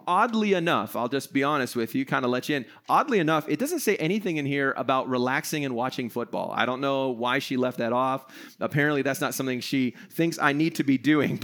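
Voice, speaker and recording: A man's voice: on the high side, a bit bright. A middle-aged man preaching a casual sermon to an online audience, chatty and self-deprecating, acting out little scenes along the way. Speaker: pastor.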